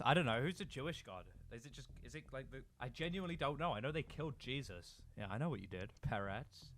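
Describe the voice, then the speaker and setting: A young man giving swearing, excitable commentary while playing a football video game, swinging from loud outbursts to quiet muttering. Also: mid-range voice. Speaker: gaming YouTuber.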